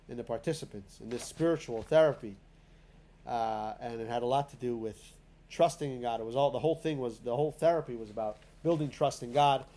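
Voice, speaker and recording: A man's voice: medium pitch, a little mellow. A man teaching a spoken lesson in a synagogue class, talking in a conversational way full of fillers and restarts.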